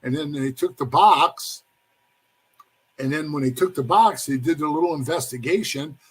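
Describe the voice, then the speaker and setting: With a husky, slightly high voice at a moderate pace, a former motorcycle club member rambles through a story in a casual interview. He keeps addressing the listener as "bro" and voices the other characters himself.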